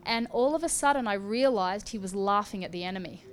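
A woman preaching and giving prophecy in a fervent charismatic style, with rising exclamations and sharp gasps. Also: mid-range voice, fairly quick. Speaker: prophetic minister.

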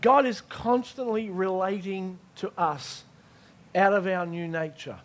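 A male preacher with a strikingly high voice delivers his sermon emphatically. He circles back on key lines and keeps checking that the room is following him. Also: a little slow. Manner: emphatic, repeats key phrases, checks in with listeners.

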